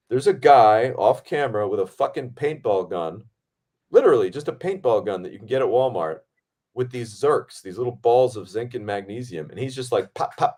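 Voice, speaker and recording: A man hosting a podcast, telling a set story in a casual, animated way, with frequent swearing and fillers. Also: mid-range voice. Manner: animated, profane, lots of fillers. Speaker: podcast host.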